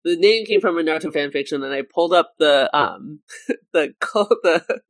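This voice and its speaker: A woman's voice: sits low, normal speed, no room sound. A woman co-hosting a casual comedy podcast who reads silly excerpts aloud and keeps trying not to laugh. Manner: giggly, tries not to laugh while reading. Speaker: podcast co-host.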